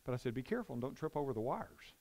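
A man's voice: mid-range voice, big pitch swings, racing, mellow. A middle-aged man, a pastor, teaching a Bible study and telling a rambling story full of restarts.

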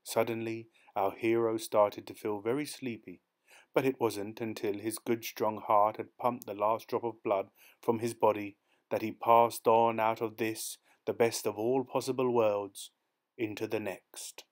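A man reading a dark short story aloud as an audiobook narrator, in a measured, steady storytelling manner. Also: on the low side. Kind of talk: scripted narration.

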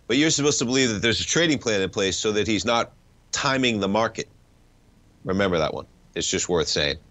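A man's voice: fairly low pitch, fairly bright tone. Stuffy-nosed man hosting market talk. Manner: conversational, wry, rambling asides. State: stuffed-up nose. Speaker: financial talk show host. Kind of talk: casual market commentary.

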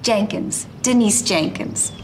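A woman's voice: mid-range voice, slow, echoey room, slight background noise, close to an everyday voice. An actress playing a teasing teenage girl who trades wry remarks with her classmates. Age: teens. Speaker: high school student.

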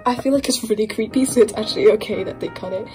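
A young woman from the UK talks through an unboxing in a fast, gushing ramble, her voice sitting a little high. Soft music plays behind her. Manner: gushing, rambling, squeals and laughs. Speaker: toy collector vlogger. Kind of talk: excited unboxing chat.

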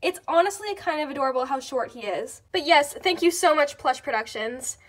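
A woman vlogging as she unboxes fan mail, gushing and gasping with excitement. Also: high-pitched, fairly quick. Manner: gushing, gasping, repeats "oh my gosh".

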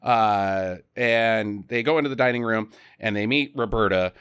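A man's voice: fairly low pitch, moderate pace, a bit bright, smooth, no echo, clean studio sound. A man hosting a casual podcast, recapping a film in a loose, rambling way and slipping into voices. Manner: rambling storyteller who slips into voices. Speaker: podcast host. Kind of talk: casual chat, movie recap.

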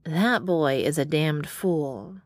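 A woman's voice: low voice, lively intonation, slow pace, no echo, heavily acted. A woman voicing a motherly older bear-shifter woman who speaks bluntly and calls people honey.

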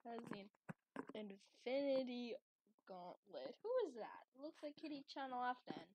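Girl gaming with friends, high bright voice, slow drawn-out lines, dramatic fake anger, giggles a lot. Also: expressive, noisy background. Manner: theatrical, swings from mock fury to shouting; teasing, giggly. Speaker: gaming channel host. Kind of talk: playful game commentary with friends.

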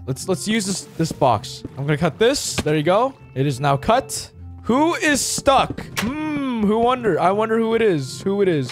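A young man giving playful, teasing gaming commentary as he hosts a server event, full of gleeful exclamations. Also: sits high. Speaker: Minecraft YouTuber hosting a server event. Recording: voice over loud background music.

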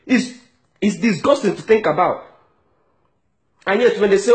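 A man's voice: sits high, animated, moderate pace, long pauses. A man ranting to camera in an indignant, mocking way, often stumbling over repeated words. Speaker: vlogger. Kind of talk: angry opinion rant to camera.

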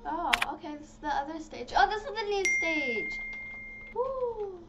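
A woman giving casual, excitable commentary while playing a video game, talking to her viewers. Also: extremely high pitch, a little slow. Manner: chatty and excitable, talks to viewers as "guys". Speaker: gaming channel host. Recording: slightly dull lo-fi audio with faint noise.

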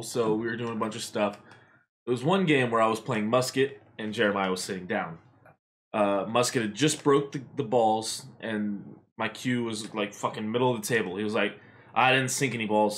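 Animated, swearing man podcast host. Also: medium pitch. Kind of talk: casual storytelling.

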